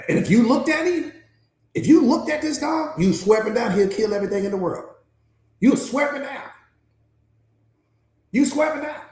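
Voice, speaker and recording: A man coaching a live motivational class, telling stories in a lively, casual way. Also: very high-pitched, reverberant. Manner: animated storytelling, casual and laughing.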